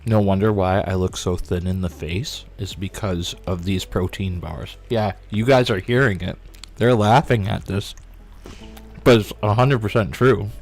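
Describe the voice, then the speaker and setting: A young man hosting a live stream, chatting and rambling excitably while he snacks. His voice sits low. Faint music plays behind him. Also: measured pace, vocal fry. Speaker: livestream host. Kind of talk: casual live-stream chat.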